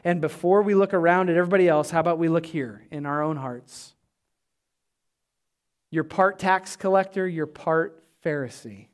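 A middle-aged male pastor preaching a sermon to his church, emphatic, often dropping low and quiet to stress a point. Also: moderate pace.

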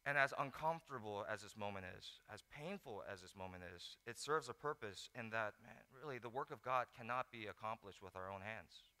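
A man preaching a sermon, telling the story with lively acted-out asides. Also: on the low side, brisk, hardly any pauses. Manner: animated storytelling, acts out disciples in mock voices. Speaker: pastor. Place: large hall. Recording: echoey hall.

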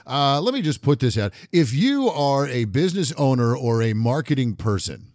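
A middle-aged man co-hosting a political talk podcast, joking and animated, slipping into mock voices. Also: medium pitch, normal speed, no room sound, studio quality. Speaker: podcast co-host. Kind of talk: casual political talk show banter.

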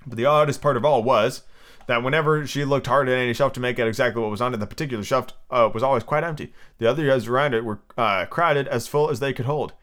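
A man's voice: medium pitch, fast, fairly bright tone. A man hosting a podcast, reading a children's book aloud with rambling, filler-heavy asides. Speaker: podcast host.

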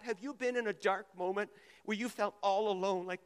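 A man's voice: high voice, fairly even intonation, brisk, clear, resonant tone, long reverb tail. A man preaching a sermon in a large auditorium, urging the congregation to respond aloud. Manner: preaching with rising intensity, calling on the audience. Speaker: pastor.

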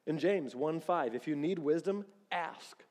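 Animated man preaching in a reverberant hall. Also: on the high side, unhurried. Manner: conversational, animated preaching with acted-out quotes. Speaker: pastor. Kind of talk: sermon. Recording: long reverb of a large hall.

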